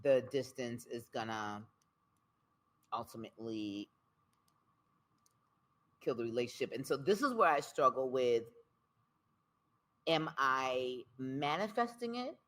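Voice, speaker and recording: Speaking very low and slowly, with frequent pauses, a woman spoken word poet talks candidly as an interview guest. She's expressive and emphatic, repeating phrases to build rhythm.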